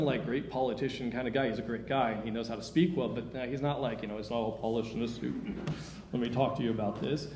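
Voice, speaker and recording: Casting note: man, fairly high voice, casual and encouraging workshop speaker, echoey lecture room with faint hiss. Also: mellow. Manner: informal, self-interrupting, encouraging. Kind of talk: conference talk.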